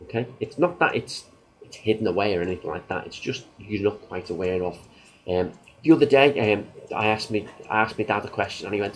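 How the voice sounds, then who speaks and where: A man with a fairly low voice talks casually to the camera as a self-help host. He explains loosely and leans on everyday examples, sometimes acting out what people say. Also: a little fast, poor audio.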